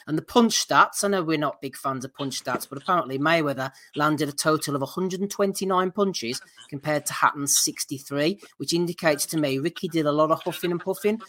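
Podcast host, slightly high voice. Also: male voice. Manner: steady, listing results and steering talk. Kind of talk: casual boxing chat.

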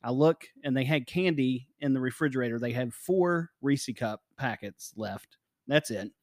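A man's voice: mid-range voice, normal speed, no echo, studio quality. A man co-hosting a sports talk show, telling a story with exasperated humor. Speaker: podcast co-host. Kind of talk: casual sports chat.

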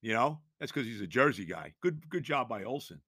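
A sports talk host ranting in exasperation, stumbling over repeated words and breaking into shouts. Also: male voice, medium pitch, very animated, fairly quick, slightly rough, no echo, clean studio sound. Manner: exasperated, ranting, stammering restarts, bursts of shouting.

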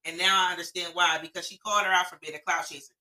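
A woman's voice: on the low side, steady tone, fast talker, bright, forceful tone, poor audio. A woman co-hosting a podcast, chatting casually and giving blunt, opinionated takes with some swearing. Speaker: podcast co-host. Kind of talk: casual chat.

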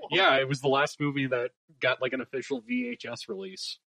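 A man's voice: a little high, very animated, brisk, vocal fry, bright, forceful tone, no room sound, rough recording. A man in a casual chat who rambles and fills his talk with "like".

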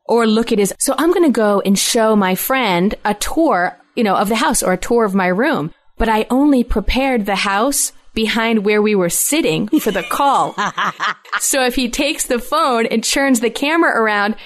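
A woman's voice: on the high side, moderate pace. A woman in casual chat who tells stories with lots of laughter and acts out the people she quotes. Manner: animated storyteller, laughs often, acts out quotes. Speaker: podcast co-host, mother.

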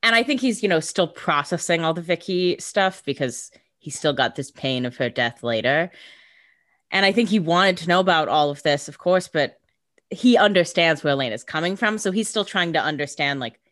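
A woman's voice: deep voice, lively intonation, normal speed, fairly bright tone, no echo, studio quality. A young woman co-hosting a podcast, giving blunt, casual commentary on a TV show and swearing for emphasis. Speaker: podcast co-host.

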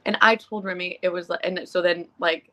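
A middle-aged woman co-hosting a podcast, telling a story in casual chat, animated, swearing freely and acting out the lines she quotes. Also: on the low side, moderate pace. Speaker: podcast co-host.

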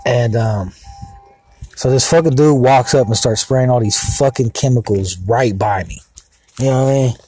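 A man's voice: mid-range voice, normal speed, darkish tone, a little hiss or hum. A man ranting in a rambling, profane, agitated monologue with many fillers. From Mexican heritage. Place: outdoors, sitting in a car.

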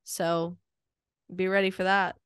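A woman's voice: on the low side, flat delivery, slow, clean tone, dry recording, clean studio sound. A young woman co-hosting a podcast in casual, giggly, enthusiastic chat. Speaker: podcast co-host.

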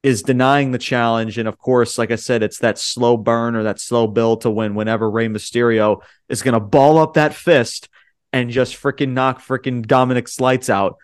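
A man's voice: mid-range voice, steady tone, normal speed, clear, resonant tone, dry recording. A man with a mid-range voice hosts a casual podcast recap of a wrestling show. He rambles through his points and packs them with fillers. His opinions come out blunt, and the recording is close and dry, with no room sound. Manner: rambling, heavy on fillers like "you know" and "um". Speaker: podcast host.

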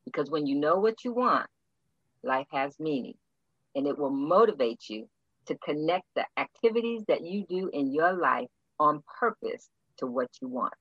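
A woman coach giving motivational advice. Her pitch swings widely as she punches out blunt, playful lines. The recording sounds dry and slightly muffled. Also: expressive, normal speed, slightly rough, no room sound. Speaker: guest coach.

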